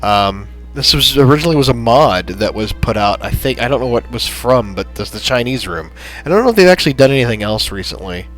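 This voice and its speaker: A man hosting a gaming channel, chatting in a rambling, halting way with lots of fillers as he wraps up a playthrough. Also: mid-range voice, lively intonation, rough recording. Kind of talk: casual gameplay commentary. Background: soft background music.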